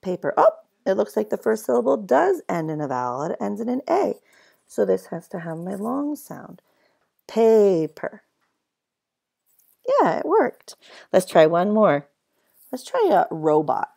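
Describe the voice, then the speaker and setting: A woman's voice: medium pitch, huge pitch swings, moderate pace, gravelly, a little mellow, slightly rough. A woman teaching a phonics lesson to young children, spelling words out letter by letter in an encouraging way.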